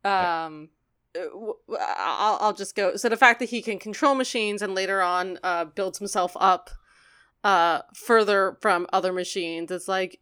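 A woman's voice: mid-range voice, unhurried, clean tone. A woman co-hosting a podcast, casually recapping a cartoon episode and acting out the characters' lines. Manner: animated, acts out quotes. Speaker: podcast co-host.

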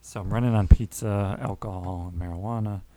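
A man's voice: on the low side, steady tone, fairly quick, mellow, no echo. A man co-hosting a podcast in casual chat, dry and rambling with many fillers. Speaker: podcast co-host.

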